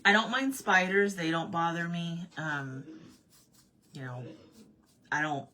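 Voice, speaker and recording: A woman originally from Arizona telling a funny everyday story in a casual vlog, animated, repeating herself and laughing often. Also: on the low side, takes it slowly. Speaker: vlogger.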